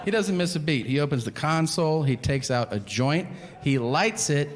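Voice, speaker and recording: A man's voice: a little high, animated, normal speed. A man performing a stand-up comedy routine, telling stories in a profane, mock-exasperated way. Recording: live stage recording with audience noise and reverb.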